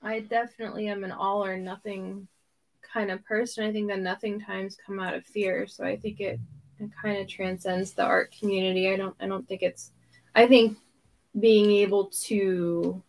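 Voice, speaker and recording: A woman's voice: medium pitch, flat delivery, unhurried, low-quality recording. A woman co-hosting a live podcast, speaking in a thoughtful, somewhat hesitant way. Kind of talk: casual live podcast talk.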